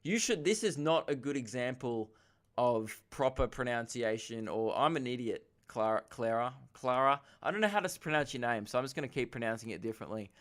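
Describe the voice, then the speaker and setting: A man's voice: mid-range voice, expressive. An Australian man in his twenties hosting a comedy podcast, answering listener questions in a rambling, self-mocking way. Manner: rambling, self-mocking, quick asides and laughs.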